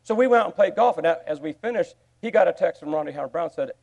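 A man preaching a sermon, telling a story with sudden swings from quiet asides to loud, excited bursts. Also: on the high side, quick pace, vocal fry, lo-fi sound. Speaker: pastor.

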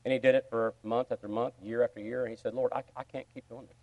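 A man preaching a sermon, telling a story with sudden swings from quiet asides to loud, excited bursts. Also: medium pitch, fast, narrow, tinny audio. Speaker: pastor.

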